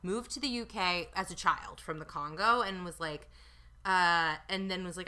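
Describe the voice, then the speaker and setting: A woman chatting casually as a podcast co-host, animated and quick to quote people in little voices. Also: lowish voice, clear, resonant tone. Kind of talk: casual chat.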